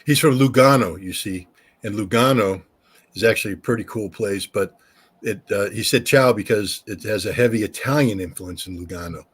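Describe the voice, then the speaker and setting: Blunt American man with a husky voice. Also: fairly low pitch, moderate pace. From United States. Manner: blunt, emphatic, talks at length. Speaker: guest expert. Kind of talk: podcast Q&A.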